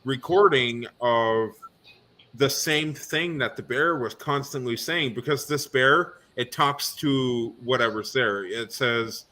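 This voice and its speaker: A man co-hosts a casual video podcast chat, asking long questions full of fillers and restarts. His voice is medium-pitched with a sharp tone, and he speaks at a slow pace.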